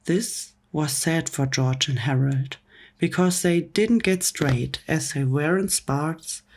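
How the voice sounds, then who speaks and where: A woman reading a comic book story aloud in a soft, gentle whispered role-play for bedtime. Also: low voice, slow pace. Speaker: ASMR storyteller.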